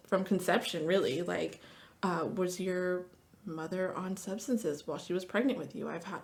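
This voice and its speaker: A woman therapist talking casually as a podcast guest, chatty, with lots of "like" fillers and lively storytelling. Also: fairly low pitch. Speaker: marriage and family therapist.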